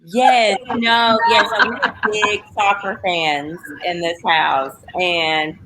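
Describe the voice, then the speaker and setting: A woman's voice: medium pitch, fairly even intonation, takes it slowly, heavy background noise. A woman from the Missouri Bootheel with a Southern US accent, hosting an upbeat, casual chat show. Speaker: talk show host.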